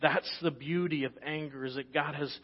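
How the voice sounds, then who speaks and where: A man's voice: on the high side, lo-fi sound. A man with a Texan accent, a pastor preaching a sermon, telling stories with rising energy and then settling into earnest teaching. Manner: animated storytelling, rising loud and fast in anecdotes.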